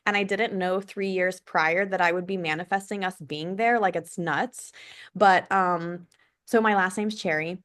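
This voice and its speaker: Chatty woman with a lower voice. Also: steady tone, unhurried, a bit bright. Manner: chatty, storytelling, laughs often. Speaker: guest, web business owner. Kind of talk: casual podcast interview.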